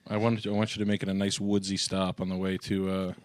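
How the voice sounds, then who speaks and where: A man's voice: sits low, completely flat delivery, fast, no echo. A man appearing as a podcast guest, talking in a wry, offhand, slightly mumbly way in casual chat.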